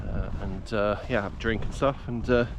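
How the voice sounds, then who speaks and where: A man's voice: lowish voice, fairly even intonation, moderate pace. A man narrating a casual hiking vlog outdoors on a trail, talking in a rambling, hesitant, self-deprecating way as he walks. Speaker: hiking vlogger. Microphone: camera mic exposed to wind. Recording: windy outdoor camera audio.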